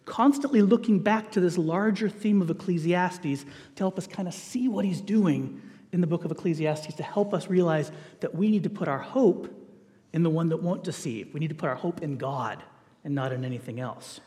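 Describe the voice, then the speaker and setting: A middle-aged man delivers a sermon with a fairly high voice and a lively, joking manner. His words ring out with the long reverb of a large hall. He slips in playful asides to the congregation. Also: moderate pace. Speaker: preacher.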